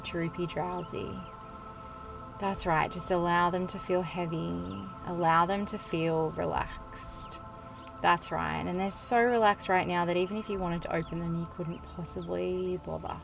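A woman podcast host and certified hypnotherapist guiding a relaxation hypnosis with slow, soothing, repetitive cues. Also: on the low side, vocal fry, fairly bright tone. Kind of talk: guided hypnosis.

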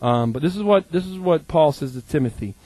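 A middle-aged man from Maine delivers a sermon with a slightly high voice, full of jokes and stories. He acts out the people he quotes. The sound is dry and close. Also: animated, a little fast, dark tone, dry recording, poor audio. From Maine, USA. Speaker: pastor.

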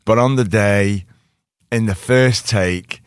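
A man with a Liverpool accent telling an animated story as a guest and acting out the quotes in other voices. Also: lowish voice, takes it slowly, clear, resonant tone, no room sound, studio quality. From Liverpool, England. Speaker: actor guest. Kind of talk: casual chat, storytelling.

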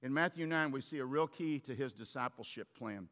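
A man's voice: medium pitch, a little fast, a bit bright, big-room sound. A man preaching a sermon as a pastor, telling stories in a conversational way with frequent restarts.

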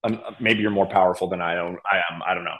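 A young man telling a hunting story in a casual podcast chat, animated and laughing, acting out what others said. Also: sits low, fast talker. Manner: animated, laughing, acts out quotes. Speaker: podcast guest.

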